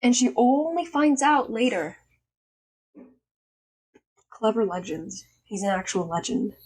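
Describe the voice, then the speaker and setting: A young woman telling a story in a casual vlog, emphatic and swearing freely, her voice still a little hoarse from being sick. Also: a little high, expressive, slow, a little mellow. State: slightly hoarse after illness. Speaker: vlogger.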